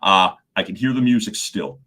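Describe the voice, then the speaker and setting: Male coach on a livestream: an animated, rambling talker who calls out viewers by name and trips over repeated words. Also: fairly low pitch, normal speed. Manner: animated, answers viewers' chat comments by name; stumbles and repeats words when excited. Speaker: communication coach.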